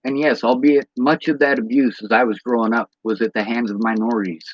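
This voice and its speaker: A man's voice: medium pitch, steady tone, a little fast, no echo. Profane ranting man, dull lo-fi sound. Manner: blunt, profane, rhetorical questions. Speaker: vlogger. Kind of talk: ranting monologue to camera.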